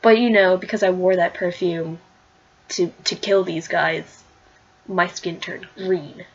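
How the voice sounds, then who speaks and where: A woman's voice: lowish voice, steady tone, slow pace, husky, highs cut off, exaggerated voice. A woman voicing a former model turned plant villainess, retelling the figure's lines offhand in her own casual voice. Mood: annoyed. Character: irritated female eco-villain, former model.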